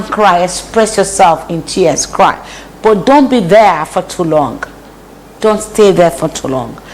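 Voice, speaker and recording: A woman's voice: medium pitch, slight background noise, rough recording. A woman hosting a casual cooking vlog in her home kitchen, giving repetitive, preachy advice as she cooks. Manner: preachy, repeats phrases for emphasis. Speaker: host.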